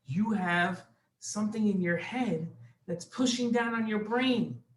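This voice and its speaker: A man voicing a calm, kindly doctor in a children's story. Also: high voice, unhurried, far from the mic. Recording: echoey room.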